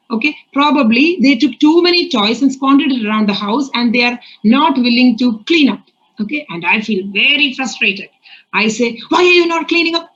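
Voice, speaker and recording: Earnest woman preaching, dull recording. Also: a little high. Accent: Indian. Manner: earnest, asks many rhetorical questions. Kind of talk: sermon.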